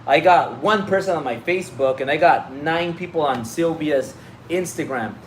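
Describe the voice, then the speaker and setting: Man, business coach, pep talk, swears freely, restarts sentences, slightly high voice, faint noise behind. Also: normal speed. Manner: profane, blunt, pep-talk delivery with frequent restarts. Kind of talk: motivational livestream talk.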